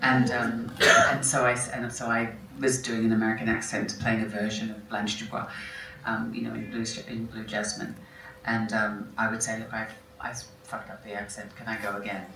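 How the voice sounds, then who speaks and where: A film actress, appearing as a guest at an onstage conversation during a festival talk in a large hall, answers questions reflectively while restarting and self-correcting mid-sentence. Her voice is extremely low, at normal speed, with background noise; the sound is roomy and distant with faint ambience.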